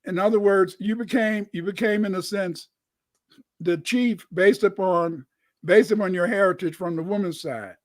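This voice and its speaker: Older guy, high-pitched, rambly, keeps restarting, swears a bit. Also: normal speed, no room sound. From United States. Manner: rambling, repeats words, cusses. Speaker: guest scholar. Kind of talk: casual live-stream talk.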